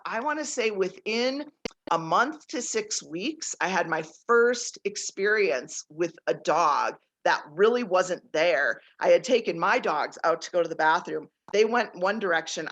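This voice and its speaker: A woman guest on a casual interview, telling personal stories in an animated way and laughing often. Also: on the low side. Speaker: guest author, nature intuitive.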